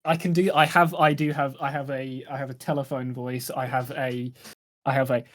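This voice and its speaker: A man's voice: medium pitch, level tone, a little fast, a bit bright. A man with a British accent, a guest on a casual stream, who stumbles and repeats words while making dry jokes. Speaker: guest content creator. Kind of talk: casual chat.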